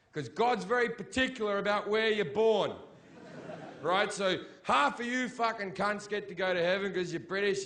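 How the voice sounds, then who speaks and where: A British stand-up comic performs live, his rant sarcastic and laced with profanity. He has a high voice with a fairly bright tone.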